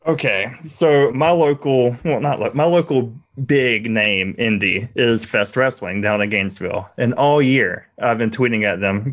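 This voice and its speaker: A man as a podcast guest, loud and laughing, poking fun at himself in casual chat. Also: medium pitch, moderate pace, few pauses. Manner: loud, laughing, self-mocking.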